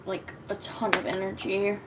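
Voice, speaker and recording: A woman hosting a casual livestream, tired and lethargic, swearing offhandedly, and switching to high sing-song baby talk when she talks to her cat. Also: monotone, normal speed, noisy background. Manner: low-energy, sluggish, swearing casually. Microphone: camera mic.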